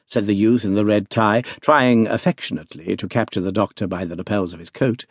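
A man giving an expressive scripted narration of an audiobook. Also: lowish voice, fairly quick, hardly any pauses, slightly rough, dry recording, studio quality. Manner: expressive storytelling.

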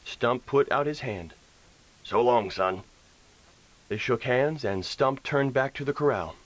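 A man narrating a western audiobook in an expressive storytelling manner, recorded on a close studio mic. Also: mid-range voice, moderate pace, rough recording. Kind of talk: scripted narration.

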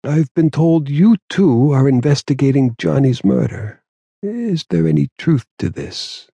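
A man voicing a raspy aging mob boss who speaks slowly, patiently and with quiet confidence. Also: a little high, expressive, dry recording, pitched above the performer's own voice, exaggerated voice. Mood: smooth menace. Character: aging mob don, raspy, calm and menacing. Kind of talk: audiobook character voice.

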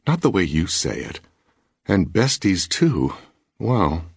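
Male narrator putting on a cool, pointed wife character, a bit higher than his deep husky voice, dry studio sound. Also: slow pace, no echo, full character voice. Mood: calm, pointed. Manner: calm, pointed. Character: calm, cutting adult wife. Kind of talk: audiobook character voice.

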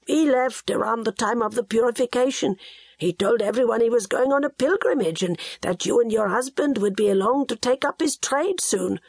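A woman's voice: on the high side, normal speed, a little mellow, husky, no room sound, pitched above the performer's own voice. A woman narrator voicing an old female neighbour who reports news in a matter-of-fact way.

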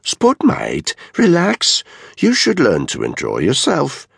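A man's voice: medium pitch, wildly swooping pitch, slow pace, vocal fry, breathy edge, no echo, clean studio sound, pitched above the performer's own voice, full character voice. A narrator voicing a sneering, bullying blond male unit commander with a crude, mocking manner. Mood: taunting. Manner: mocking, crude, exaggeratedly loud.

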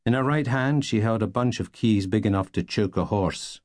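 Wry man narrating, low voice. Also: normal speed, no echo, studio quality. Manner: wry, deadpan storytelling. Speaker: audiobook narrator. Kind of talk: first-person novel narration.

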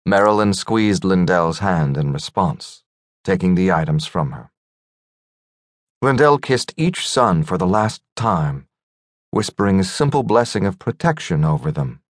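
A man narrating a fantasy audiobook in a measured, gentle storytelling manner. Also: deep voice, lively intonation, dry recording, studio quality. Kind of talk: scripted narration.

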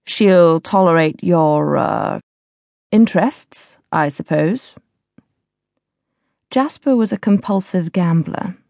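A woman narrating a novel as an audiobook reader, in a measured, even storytelling manner. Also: medium pitch, no room sound.

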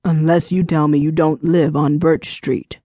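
A woman narrator voicing a calm, steady male firefighter who speaks low, quiet and urgent. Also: normal speed, no room sound.

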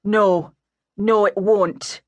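A woman's voice: mid-range voice, fairly even intonation, drawn-out words, darkish tone, no echo. Woman voicing a brooding young Scotsman. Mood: grieving. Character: grieving young Scottish man.

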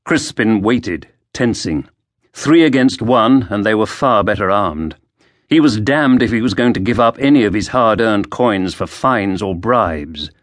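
A man narrating a historical mystery audiobook in a lively, expressive way, recorded close to a studio mic. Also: fairly low pitch, a little slow, no room sound. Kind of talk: scripted narration.

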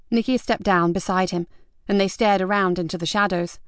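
A woman narrating a crime novel as an audiobook, in a measured, expressive storytelling manner, recorded close in a booth. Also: mid-range voice, no echo. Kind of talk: scripted narration. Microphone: close studio mic.

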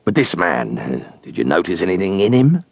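A man voicing a gruff, wary escaped convict, rough-spoken and low. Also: sing-song, brisk, no room sound, heavily acted.

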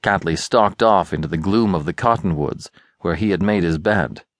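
Man, audiobook narrator, low voice, dramatic reading, dry close mic. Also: moderate pace, dry recording. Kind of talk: scripted narration. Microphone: close studio mic.

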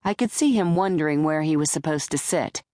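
A woman's voice: deep voice, a little fast, mellow, no room sound. A woman narrating an audiobook in the first person, telling the story in a dry, wry manner. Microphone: close studio mic.

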